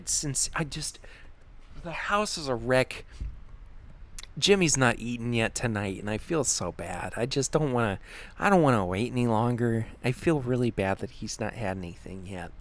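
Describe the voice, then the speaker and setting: A harried Australian housewife rambles through her worries, going over the same complaints again and again in a put-on Australian accent, as a man voices her. The pitch stays at an everyday level, and the whole bit is played as a comic character sketch. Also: lively intonation, normal speed, fairly bright tone, lightly acted. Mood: fretful. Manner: fretting, rambling and repetitive.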